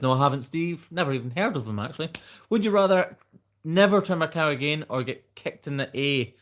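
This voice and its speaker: A man's voice: medium pitch, a bit bright. A man with a mild Scottish accent hosting a live question-and-answer stream, reading viewer questions and answering them off the cuff in a chatty way. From Scotland. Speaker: host.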